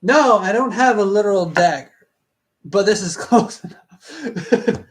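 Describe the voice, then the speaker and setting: A man reading a fan story aloud and commenting on it casually, sounding exasperated, halting and interrupting himself, with frequent laughs. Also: sits high, expressive. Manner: laughs often. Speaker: reader reviewing a fan story.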